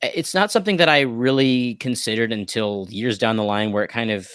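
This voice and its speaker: A man's voice: medium pitch, brisk, fairly bright tone, no echo, studio quality. A man co-hosting a podcast, talking casually about anime with plenty of fillers and restarts. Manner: rambling, hedging with many fillers. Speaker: podcast co-host.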